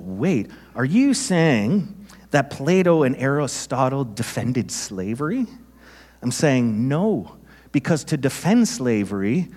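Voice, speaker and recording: A man's voice: medium pitch, a little mellow, breathy edge. A middle-aged man preaching a sermon as pastor, conversational, with self-deprecating asides and stories. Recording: reverberant hall.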